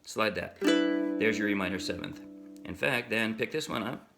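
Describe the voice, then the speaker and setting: A man teaching a ukulele song in a relaxed, chatty way, breaking off now and then to sing a line. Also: lowish voice, moderate pace, creaky, over loud music. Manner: chatty, self-interrupting, sings snatches while strumming. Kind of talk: casual music tutorial. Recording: ukulele strumming under the voice. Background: ukulele playing.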